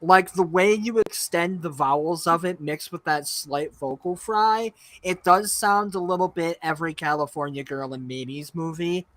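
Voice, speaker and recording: A man's voice: on the high side, normal speed, few pauses, no echo. A man co-hosting a podcast livestream, joking and swearing in casual chat. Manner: joking, profane, excitable. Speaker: podcast co-host.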